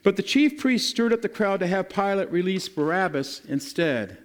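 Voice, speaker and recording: A male pastor preaching a sermon, retelling scripture in a lively, casual storytelling way and acting out the people in it. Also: high-pitched, moderate pace.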